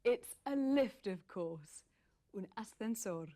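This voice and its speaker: A woman co-presenting an English course in a teasing, lively way. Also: on the high side, slow. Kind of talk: scripted teaching presentation.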